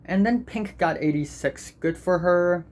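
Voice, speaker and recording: A man's voice: high-pitched, a little slow. A teenage boy vlogging as a student, venting in an angry, profane and self-deprecating way. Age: teens. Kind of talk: ranting vlog.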